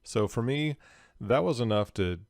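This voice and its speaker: A man hosting a show, calmly explaining body-language clues step by step. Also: mid-range voice, moderate pace, no room sound, clean studio sound. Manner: calm, instructive, step-by-step. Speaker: host analysing body language. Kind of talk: explanatory commentary.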